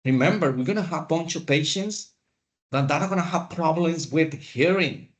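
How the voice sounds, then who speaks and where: A man teaching a class, lecturing in a slow, deliberate way with pauses. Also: a little high. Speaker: instructor.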